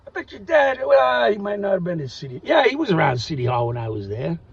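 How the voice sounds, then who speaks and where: A man delivering a rambling, profane monologue rant, volatile and swinging between loud outbursts and muttering. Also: high voice, very animated, fast talker, gravelly, breathy edge. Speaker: vlogger. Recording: distant dull recording with faint noise.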